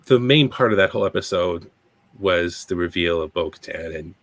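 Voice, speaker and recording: Middle-aged Canadian male host, deep-ish voice, rambly casual delivery, still a bit under the weather. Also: moderate pace, a bit bright, no echo. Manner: rambling, chatty, self-deprecating. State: recovering from a cold. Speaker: podcast host. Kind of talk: casual podcast chat.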